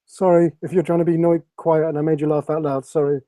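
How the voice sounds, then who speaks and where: Calm man with a mellow voice. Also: on the high side, fast talker, no echo. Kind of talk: casual chat.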